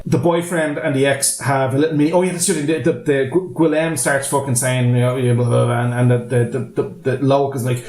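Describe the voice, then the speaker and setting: A man's voice: a little high, steady tone, brisk, few pauses, a little mellow, roomy sound. An Irish man hosting a podcast, recapping a film in a rambling, sweary, laughing way. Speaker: podcast host. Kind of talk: casual podcast movie recap.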